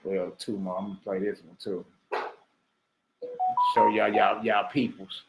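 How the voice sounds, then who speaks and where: A man giving heated, mocking reaction commentary, repeating himself and bursting into shouts. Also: lowish voice, level tone, measured pace, gravelly, over loud music. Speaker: online commentator. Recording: roomy echo.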